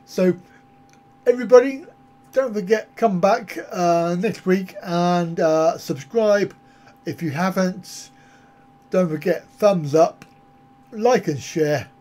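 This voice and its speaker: A man's voice: sits high, slow, a little mellow. A man hosting a travel vlog live stream, chatting with viewers in a jokey, rambling, easygoing way.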